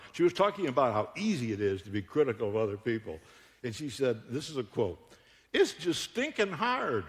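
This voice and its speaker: A man preaching a sermon in a humorous, animated, conversational way, recorded with long hall reverb in a church auditorium. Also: on the low side. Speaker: guest preacher.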